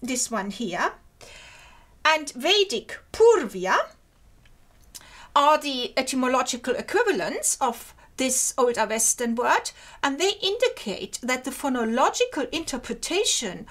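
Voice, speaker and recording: A woman giving an academic lecture, careful and measured, slowing down to recite ancient verse. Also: sits high, very animated, fairly bright tone.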